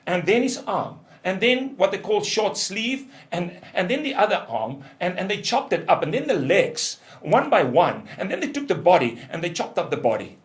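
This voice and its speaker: Older man, preacher telling a testimony, fairly high voice, very lively intonation, intense then hushed. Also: moderate pace, hardly any pauses. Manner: intense storytelling, swinging from loud outbursts to hushed lows. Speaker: ministry leader and trainer.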